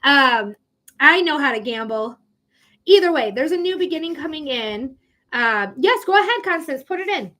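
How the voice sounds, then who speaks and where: A woman's voice: sits high, expressive, normal speed, pushed and bright. A woman hosting a live tarot reading, chatty and emphatic, who swears casually. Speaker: psychic reader, livestream host.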